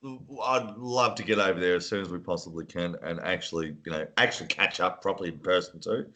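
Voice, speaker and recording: A man's voice: low voice, quick pace, bright, forceful tone. A man, a drummer, chatting as a guest with many fillers and frequent laughs. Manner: laughs often, hedging filler words. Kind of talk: casual interview.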